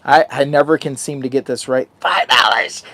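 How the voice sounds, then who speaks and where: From a hot tent while camping in wind and rain, a man hosts a casual livestream, hyper and self-mocking as he chats with his viewers. His medium-pitched voice is bright and forceful, steady in tone, at a moderate pace.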